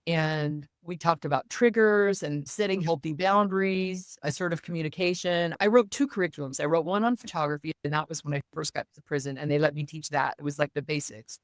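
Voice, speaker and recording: A woman's voice: low-pitched, a little fast, hardly any pauses, no echo, clean studio sound. A woman guest in an interview, earnestly telling a personal story and acting out the quoted voices of others. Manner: earnest, animated retelling with quoted dialogue.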